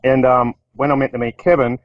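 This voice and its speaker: A middle-aged man with an Australian accent tells business stories in a loose, rambling way, often restarting and acting out what people said. His voice sits at an ordinary pitch for a man. The recording is dry, with no room echo. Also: little pitch movement, a little fast, highs cut off. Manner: rambling anecdotes with restarts, acts out quotes. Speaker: business owner. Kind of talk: casual storytelling talk.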